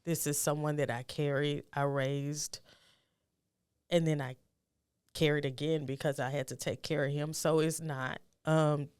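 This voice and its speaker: A middle-aged woman speaking as a guest, telling a personal story in a soft, halting, reflective way and becoming urgent when she gives advice. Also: low-pitched, little pitch movement, clear, resonant tone, no room sound, studio quality.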